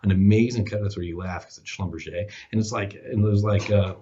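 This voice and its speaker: A man's voice: sits low, fairly even intonation, brisk, warm tone, slight background noise. A man in his forties telling a career story in a casual interview, rambling with many fillers and acting out the dialogue. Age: 40s. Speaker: podcast host as guest. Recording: dull lo-fi podcast audio.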